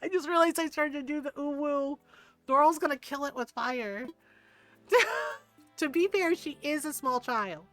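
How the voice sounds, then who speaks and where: High-voiced, giggly woman streamer. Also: moderate pace, faint music behind. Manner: animated and giggly, swears casually. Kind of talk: casual game commentary.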